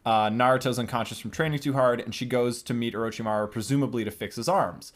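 A man's voice: medium pitch, quick pace. A man hosting a podcast, recapping episodes in a loose, joking, profane way. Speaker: podcast host.

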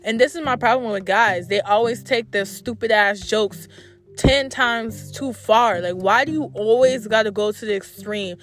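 A woman's voice: fairly high pitch, moderate pace, faint music behind. A young adult woman telling a story to her camera in a blunt, profane, exasperated storytime rant. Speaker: vlogger.

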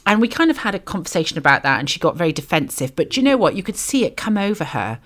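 A Welsh woman with a fairly low voice co-hosting a faith podcast. She talks things through in a reflective, teaching manner, with plenty of ums and asides along the way. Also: sing-song, fast. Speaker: podcast co-host.

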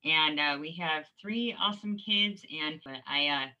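A woman's voice: low voice, unhurried, sharp tone. An earnest woman coach talking about helping women on a video call. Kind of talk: casual webinar chat. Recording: dull lo-fi video call audio.

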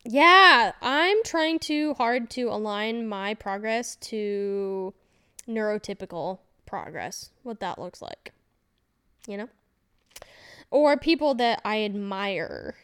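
A woman's voice: mid-range voice, lively intonation, takes it slowly, pushed and bright, smooth. A woman hosting her own podcast, talking casually and rambling, laughing often and swearing freely. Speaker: podcast host. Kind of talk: casual solo podcast monologue.

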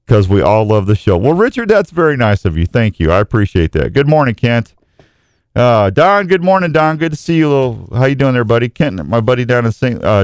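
This is a studio-quality, echo-free clip of a man with a clear, resonant, medium-pitched voice. As a radio host on a live talk show, he greets listeners individually, joking around, wandering off track, and often tripping over what he says.

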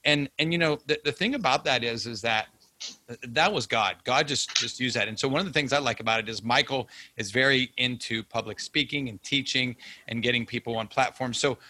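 Bright-voiced man hosting a podcast. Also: medium pitch, no room sound, low-quality recording. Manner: halting, repeats words while asking questions. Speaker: podcast host. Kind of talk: casual podcast interview.

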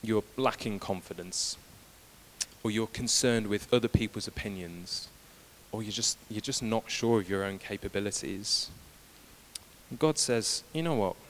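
A man preaching a sermon who retells scripture as lively, casual dialogue. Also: on the low side, unhurried, slight background noise.

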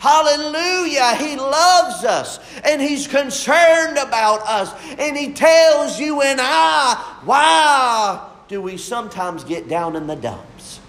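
Casting: young male preacher, high voice, fervent and unhurried delivery. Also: lively intonation. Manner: fervent, drawn-out preaching with shifts between soft and emphatic. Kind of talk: sermon.

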